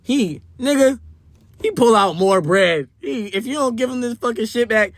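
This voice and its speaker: A man's voice: very high voice, normal speed, no room sound. A young man telling a wild party story in a casual, slangy and profane way. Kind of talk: storytime vlog.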